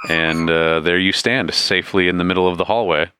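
Low voiced guy running a tabletop game, bright crisp tone, dry sound. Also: fairly quick, no room sound. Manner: relaxed, laughs often, loose storytelling. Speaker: game master.

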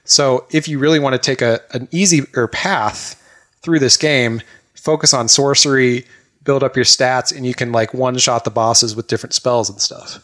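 Guy getting all excited about a game, rambly casual chat. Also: mid-range voice. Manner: excited, rambling, quick bursts.

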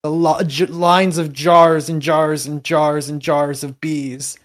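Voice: mid-range voice, flat delivery, slow pace. A player in a tabletop role-playing game who talks in a playful, hesitant, rambling way.

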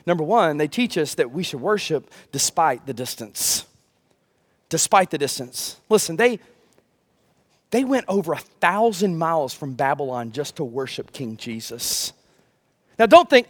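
A man preaching a sermon as pastor, animated, with rhetorical questions and humor. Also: fairly high pitch, normal speed.

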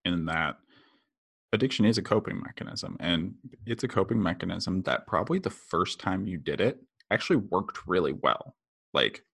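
Low gravelly-voiced man, candid and reflective. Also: a bit bright. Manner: candid, swears freely, reflective. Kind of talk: casual conversation.

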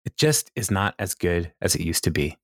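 Male podcast co-host with a fairly low voice; chatty sitcom recaps, frequent laughter, dry booth sound. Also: normal speed, no room sound. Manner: laughs often, quotes characters in animated voices. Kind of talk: casual chat.

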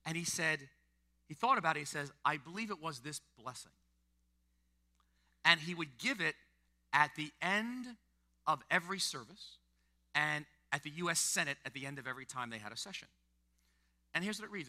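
A man preaching a sermon to a congregation, his voice high and piercingly bright. He swings from loud, emphatic peaks to soft, close passages. It is the animated delivery of a pastor in his pulpit. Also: normal speed, long pauses. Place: church hall before a congregation.

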